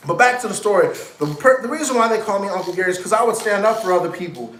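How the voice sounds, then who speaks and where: A man in his thirties telling casual stories, animated, acting out other people's lines. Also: high-pitched, rapid-fire, roomy sound, a little hiss or hum. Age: 30s. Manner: animated, quoting people in raised voices. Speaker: vlogger. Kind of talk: casual storytelling.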